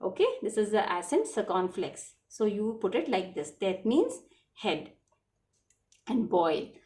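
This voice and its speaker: A woman's voice: medium pitch, big pitch swings, a little slow, darkish tone. Patient woman teaching children French. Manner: patient, repetitive, spells words letter by letter. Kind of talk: classroom lesson explaining spelling.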